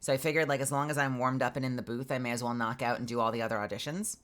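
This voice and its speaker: Low-voiced woman streamer chatting. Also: very fast. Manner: animated storytelling, acts out both sides of conversations. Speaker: streamer and voice actor. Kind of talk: casual stream chat. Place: home recording booth.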